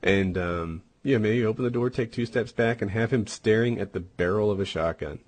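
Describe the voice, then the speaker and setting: A man's voice: fairly low pitch, normal speed, a little mellow, slight background noise. A man co-hosting a podcast, telling a long casual story with a rambling manner and many "and, uh" fillers. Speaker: podcast co-host.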